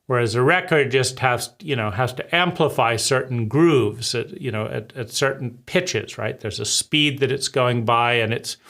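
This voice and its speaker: A man's voice: medium pitch, fairly bright tone. A man giving a loose, thinking-aloud talk, building points with lists and analogies and ending lines with "right?". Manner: talks in loose restarts, tags lines with "right?". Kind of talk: philosophical lecture.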